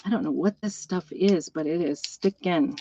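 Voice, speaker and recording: A woman's voice: fairly low pitch, moderate pace, mellow, muffled recording, slight background noise. A middle-aged woman hosting a live craft demonstration, chatting and rambling through stories while she works with her hands. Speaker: craft seller and host.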